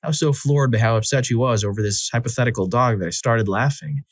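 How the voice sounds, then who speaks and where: A man's voice: mid-range voice, fast, no echo, studio quality. A man reading out relationship stories as a narrator, lifting his voice for the quoted lines. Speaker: story narrator. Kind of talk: scripted narration of reader-submitted stories.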